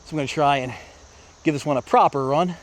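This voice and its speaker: An American man with a slightly high voice narrates his disc golf round at a quick pace on an outdoor park course. It's a casual play-by-play vlog, chatty and aimed at his viewers as he plays.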